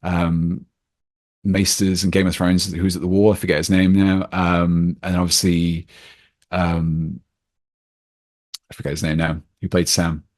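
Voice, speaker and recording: Very low-voiced man, rambling. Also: level tone, measured pace, long pauses, darkish tone. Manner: rambling, many fillers and restarts. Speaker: podcast guest. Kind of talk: casual film discussion.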